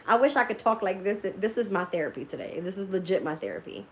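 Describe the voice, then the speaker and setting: A woman's voice: medium pitch, sing-song, fairly quick, few pauses, slight background noise. A woman tarot reader in a casual live-stream rant, blunt and profane, often laughing as she talks. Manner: laughs often while talking.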